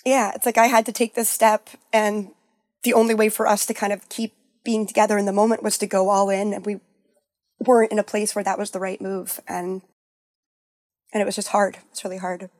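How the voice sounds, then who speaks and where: A woman sharing a personal story in a candid, halting way, full of "like" and restarts, her voice sinking low at the sad parts. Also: little pitch movement, no room sound, studio quality. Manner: halting, full of "like" and restarts, softening to near-whispers at sad moments.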